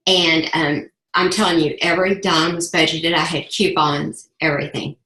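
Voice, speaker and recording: This low, bright voice belongs to a middle-aged sales ambassador whose tone is steady yet forceful at a normal speed. She gives an impassioned personal testimony, repeating phrases for emphasis, and the room echoes around her.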